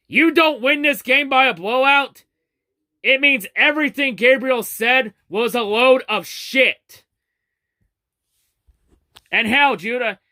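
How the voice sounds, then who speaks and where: A man's voice: sits high, pushed and bright, dry recording. A man hosting his own fan channel, delivering a taunting, profane diss rant straight at a rival. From Detroit area. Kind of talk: ranting diss video to camera.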